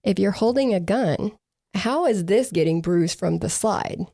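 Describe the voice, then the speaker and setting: A woman's voice: medium pitch, expressive, measured pace, mellow, no echo. A woman co-hosting a true crime podcast, reading from case reports with dry, sarcastic asides.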